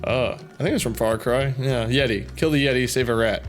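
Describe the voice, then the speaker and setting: A man reading viewer comments aloud in casual chat, goofy and prone to loud silly outbursts, with a slightly sore throat. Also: medium pitch, fairly quick, soft background music.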